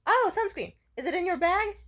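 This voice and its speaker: A woman's voice: very high voice, animated, normal speed, a bit bright, voice pushed up, heavily acted. A woman putting on a panicky dithering young man. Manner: flustered, dithering, repeats questions.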